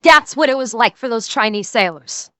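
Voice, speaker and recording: A woman co-hosting with a high, bright voice and crude jokes, tripping over her words when excited. Her sound is dry and close. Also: normal speed, dry recording. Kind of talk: casual reaction commentary.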